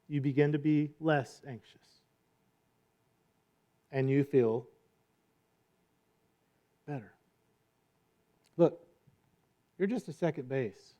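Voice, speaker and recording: A man's voice: a little high, darkish tone. A man preaching a sermon in a conversational way, often checking in with "right?" and acting out quotes. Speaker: pastor.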